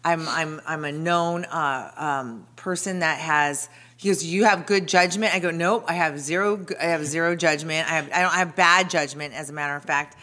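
A middle-aged woman with a bright, forceful voice tells a story in an animated way on a chat show. She acts out the other people's lines and breaks into giggles. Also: deep voice, moderate pace. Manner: animated retelling with quoted dialogue, giggly. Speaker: co-host.

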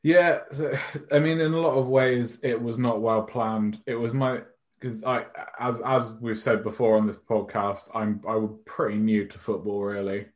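A man's voice: mid-range voice, fairly even intonation, normal speed. A man co-hosting a podcast in casual chat, rambling and self-mocking, swearing freely. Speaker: podcast co-host.

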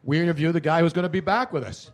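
A man hosts with fast, eager chatter and keeps cutting in on the others. His voice sits a little high for a man, and he rattles through plugs and jokes without slowing down. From South Philadelphia. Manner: chatty, enthusiastic, talks over others. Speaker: radio show host. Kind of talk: casual show banter.

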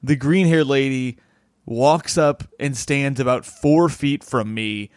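A man's voice: mid-range voice, slow, darkish tone, dry recording, clean studio sound. A man who is a stand-up comedian, telling a rambling anecdote in casual podcast chat and acting out what people said.

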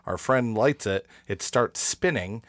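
Dude on a podcast, lowish voice, rambles through his story, dry sound. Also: animated, unhurried, a bit bright, no room sound. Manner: rambling storyteller with frequent restarts. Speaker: podcast co-host. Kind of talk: casual chat.

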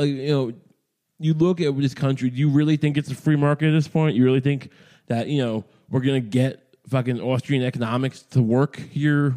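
A man's voice: medium pitch, warm tone. A man hosting a podcast, talking in a meandering, profane comedic monologue full of restarts and asides. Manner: profane, meandering, self-interrupting. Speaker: podcast host.

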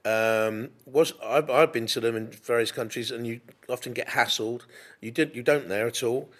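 A man's voice: medium pitch, normal speed. A middle-aged man co-hosting a podcast, rambling through a story in casual chat with lots of restarts. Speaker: podcast co-host.

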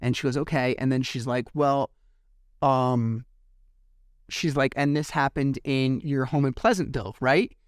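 A man's voice: medium pitch, fairly even intonation, measured pace, clear, resonant tone, dry recording, studio quality. A man hosting a podcast, retelling events casually and animatedly, acting out quoted exchanges and swearing at times. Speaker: podcast host. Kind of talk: casual monologue recap.

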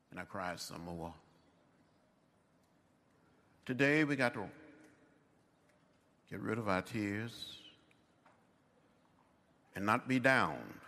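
A man's voice: on the low side, pushed and bright. A man in his seventies giving a commencement speech, with a rhythmic orator's cadence and emphatic repetition. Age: 70s. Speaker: commencement speaker. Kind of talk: ceremonial speech. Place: university ceremony venue. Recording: echoey large hall.

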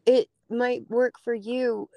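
A woman with a mellow, warm voice thinks aloud in an affirming, reflective way. The sound is dry and close. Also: a little high, steady tone, slow pace, no echo. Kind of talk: casual faith conversation.

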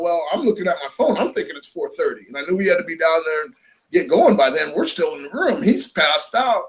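A high-voiced man, a fishing tournament angler, tells a story fast in casual fashion. He's animated and laughing, acting out the quoted lines.

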